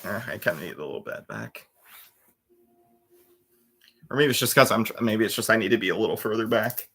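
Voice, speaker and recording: Bright-voiced young man rambling. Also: on the low side, brisk, slightly rough. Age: 20s. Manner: rambling, with restarts and trailing fillers. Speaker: livestream host. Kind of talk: casual livestream chat. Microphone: computer webcam mic.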